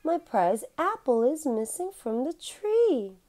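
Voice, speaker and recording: A woman voicing a kindly older woman who owns an apple orchard, soft and sighing, in a read-aloud storybook. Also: high voice, sing-song, slow, pitched above the performer's own voice, exaggerated voice. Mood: gentle, sad. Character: kindly old woman orchard owner, gentle.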